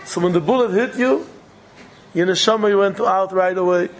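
A man's voice: high voice, moderate pace, poor audio. A man delivering an impassioned storytelling sermon, repeating phrases for dramatic weight. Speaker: preacher.

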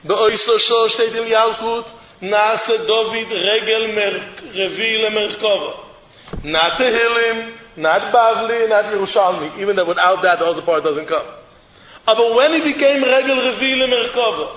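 High-voiced preacher in an echoey hall. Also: male voice, normal speed, a little hiss or hum. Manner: emphatic, repeats rhetorical questions, sometimes shouts. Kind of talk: sermon. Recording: echoey hall with faint ambience.

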